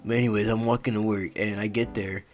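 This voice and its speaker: A man's voice: on the low side, level tone, fast, darkish tone, soft background music. A young man narrating a casual story in a laid-back, profane way, full of fillers.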